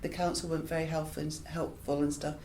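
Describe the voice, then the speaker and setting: A woman's voice: sits low, flat delivery, fast, darkish tone, slight background noise, poor audio. A woman interviewer asking chatty, rambling questions in an oral history interview.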